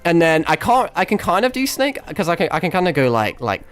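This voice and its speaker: Homem de voz cansada, divagando numa live. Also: male voice, fairly high pitch, sing-song, fairly quick, a bit bright, clear, resonant tone. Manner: rambling, swearing, lots of restarts and fillers. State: voice tired and cracking after hours of talking. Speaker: VTuber streamer. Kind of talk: casual late-night stream chat. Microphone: desk microphone.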